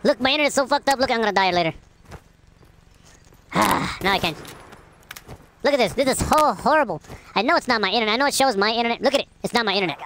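A woman giving loud, casual commentary over her own gameplay, swearing often and laughing at her own deaths. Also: fairly high pitch, lively intonation, fast talker, pauses often, slight background noise. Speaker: gamer, channel host. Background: game gunfire and explosions.

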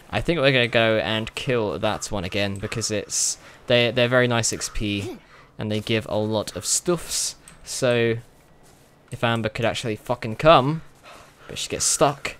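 A young man giving casual, excitable commentary while playing a video game, swearing and laughing often. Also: medium pitch, clear, resonant tone. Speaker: gaming video host.

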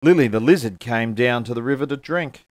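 A man at a church service reading a children's picture book aloud with expressive storytelling. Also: mid-range voice, brisk, no room sound.

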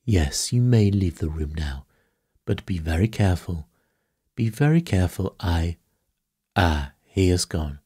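A man's voice: low-pitched, expressive, measured pace, mellow, breathy edge, dry recording, studio quality, exaggerated voice. A man voicing a courteous, fussy elderly detective in a bedtime story reading, speaking formally with mild reproof. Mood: calm. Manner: formal, mildly reproving, polite.

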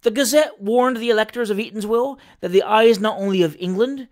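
A reader narrating a classic novel in a theatrical, expressive way. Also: medium pitch, a little fast. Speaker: audiobook reader.

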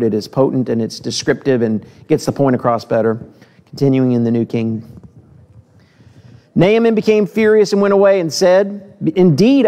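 A man preaching a sermon in a church, his voice sitting a little high for a man. He reads scripture aloud and gives its speakers lively acted voices. Then he turns to the congregation and talks plainly, asking them direct questions. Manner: asks the listeners direct questions.

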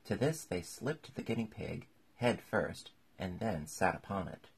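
Gravelly, very husky male storyteller. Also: low voice, animated, a little slow. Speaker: audiobook narrator. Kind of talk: scripted storybook narration.

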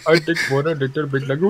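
A young man gaming with friends, teasing them and swearing freely in casual chat. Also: mid-range voice. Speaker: gamer. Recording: noisy mic with clicks.

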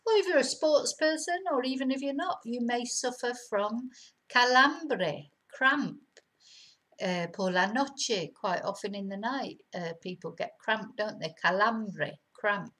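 A middle-aged woman teaching vocabulary in a casual lesson, chatty and slowing down to repeat words clearly. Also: fairly high pitch, a bit bright, low-quality recording. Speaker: language teacher. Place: home in Spain.

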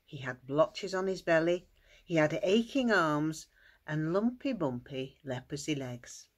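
A woman narrating a children's story at school worship in an expressive, sing-song way. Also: low voice, measured pace.

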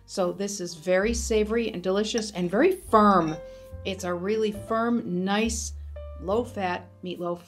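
A woman's voice: medium pitch, fairly even intonation, unhurried, soft background music. Upbeat woman hosting a home cooking show. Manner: upbeat, narrates each step to camera. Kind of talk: casual cooking demonstration. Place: home kitchen.

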